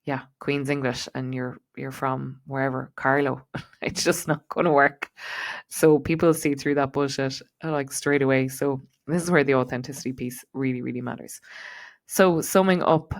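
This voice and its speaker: A woman with a neutral Irish accent, giving a chatty solo podcast talk as host and coach, with frequent ums and likes. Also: a bass voice. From Ireland.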